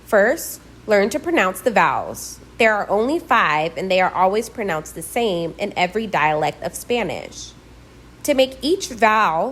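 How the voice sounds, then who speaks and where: A woman reading a scripted pronunciation lesson, slowly and deliberately modelling each sound for learners. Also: medium pitch. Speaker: language teacher.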